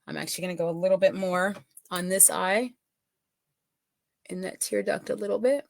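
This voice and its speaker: A woman's voice: lowish voice, fairly even intonation, normal speed, creaky, no room sound. Chatty middle-aged woman teaching makeup. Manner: chatty, friendly, checks in with viewers. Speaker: makeup consultant. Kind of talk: casual makeup tutorial.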